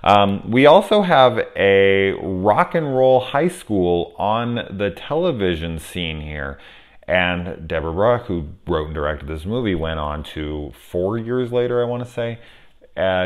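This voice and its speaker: A man's voice: sits low, animated, measured pace. A man casually reviewing a horror film on camera, rambling, swearing freely and gushing with enthusiasm. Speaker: movie reviewer. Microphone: camera setup at home.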